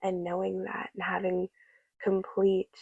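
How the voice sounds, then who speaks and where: A woman giving a soft, meandering tarot reading, full of fillers and a little teary. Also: medium pitch, monotone, a little slow, gravelly, breathy edge, no echo, phone-quality sound. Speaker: tarot reader.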